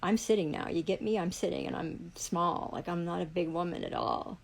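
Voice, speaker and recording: A woman's voice: fairly low pitch, lively intonation, a little fast, creaky, poor audio. A woman in a furious, heavily profane livestream rant. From Canada.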